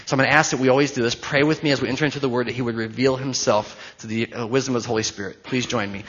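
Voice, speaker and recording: A man in his forties, a pastor, giving a conversational sermon with jokes, then leading a quiet prayer. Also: medium pitch, fairly even intonation, rapid-fire, few pauses, highs cut off, slight background noise.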